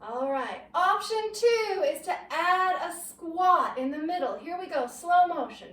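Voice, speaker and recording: A woman leading a low-impact workout, giving gentle, encouraging cues and getting winded from the exercise. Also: expressive, a little slow, few pauses, reverberant, distant mic, low-quality recording. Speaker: fitness instructor. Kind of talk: guided workout instruction.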